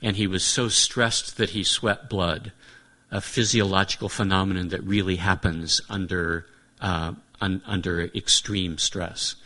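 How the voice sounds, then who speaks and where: Earnest male preacher, lowish voice. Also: steady tone, unhurried, pushed and bright. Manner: earnest, reflective, restates his points. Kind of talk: sermon.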